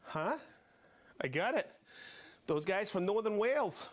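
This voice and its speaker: Male live-stream host, high voice, very animated pitch, exuberant and playful, whoops between names. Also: a little slow. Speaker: host of a live product show. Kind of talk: live-stream viewer shout-outs.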